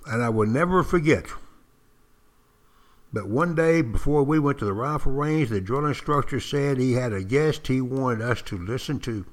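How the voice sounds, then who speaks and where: An older man, a former Marine, telling stories in a folksy way with dramatic pauses, speaking directly to his listeners. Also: mid-range voice. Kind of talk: spoken storytelling to listeners.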